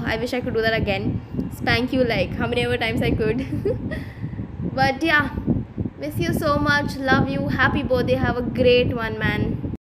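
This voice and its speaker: A young woman teases her friend in a cheeky birthday voice note, her voice high and bright. Loud traffic noise and clicks crowd the recording.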